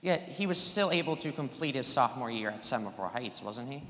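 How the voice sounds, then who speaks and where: A teenage boy cross-examines a mock-trial witness in a medium-pitched, expressive voice that is a little fast, pushed and bright. Insistent, he fires leading questions and cuts in demanding yes or no, his words echoing with long reverb around the room.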